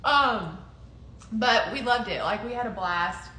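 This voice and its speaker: A woman's voice: fairly high pitch, animated, a little slow, sharp tone, reverberant, a little hiss or hum. A young woman in casual conversation, telling a personal story with lots of laughter and quoted voices. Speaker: podcast co-host.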